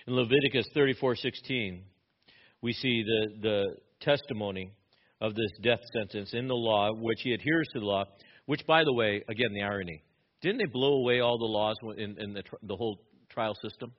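A man preaching an expository sermon, asking rhetorical questions and acting out quoted lines with sudden rises in pitch and loudness. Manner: animated, rhetorical questions, acts out quotes with rising pitch and volume. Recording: slightly dull lo-fi sound.

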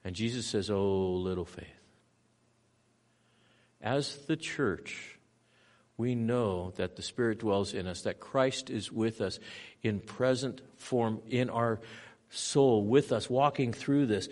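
A man pastor preaching a sermon, moving between loud emphatic stretches and quiet hushed passages. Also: medium pitch, slow.

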